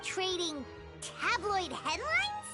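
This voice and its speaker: A tiny floating fairy companion, excitable and chatty, whose squeaky voice sits extremely high and leaps all over. Game audio with lively music clearly under her. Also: takes it slowly, full character voice. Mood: puzzled.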